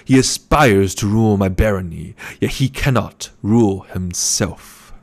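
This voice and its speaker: A man voicing a gluttonous, scheming older male baron who speaks slowly and condescendingly. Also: on the low side. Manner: slow, menacing and condescending.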